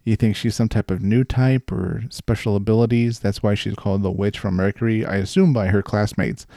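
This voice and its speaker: A man's voice: on the low side, fairly even intonation, fairly quick, gravelly, warm tone, no room sound, studio quality. A man co-hosting a casual podcast chat, joking and laughing often. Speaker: podcast co-host.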